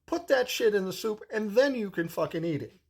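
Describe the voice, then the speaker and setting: A brash, bossy old team owner barks commands in a raised, husky voice full of curses, as a storytelling man in his sixties puts him on. He sounds pushy, blunt and gruff. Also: high voice, animated, brisk, a little mellow, pitched above the performer's own voice, exaggerated voice.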